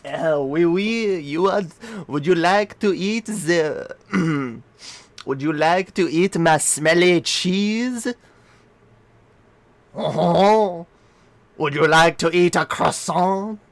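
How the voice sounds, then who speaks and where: A man's voice: fairly high pitch, very slow, no echo. A man voicing a fussy, snooty Frenchman in a fake French Canadian accent, drawn out and mocking. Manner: mocking, exaggerated.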